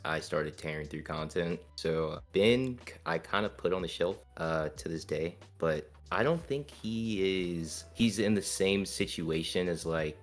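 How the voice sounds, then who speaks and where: A man in a casual gaming chat over a video call, thoughtful and hedging as he weighs things up. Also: low voice.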